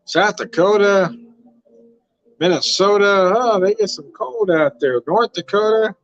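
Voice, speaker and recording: A man's voice: high-pitched, unhurried, highs cut off, soft background music. An older man from Southern California, chatting casually on a home wine livestream, rambling and laughing often, with occasional swearing. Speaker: wine vlogger. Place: home room.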